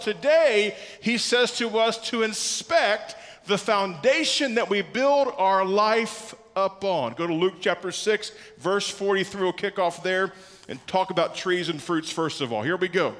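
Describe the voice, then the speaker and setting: High-voiced pastor preaching in a reverberant hall. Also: male voice, lively intonation, unhurried, a bit bright. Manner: emphatic, repeats key words, asks the congregation questions. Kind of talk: sermon. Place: church sanctuary.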